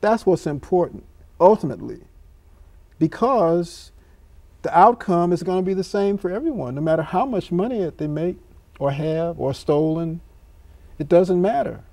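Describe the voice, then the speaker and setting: A man speaking as a scholar guest on a talk show, slow and measured, telling stories as he reflects. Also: sits high, lively intonation, warm tone, no echo.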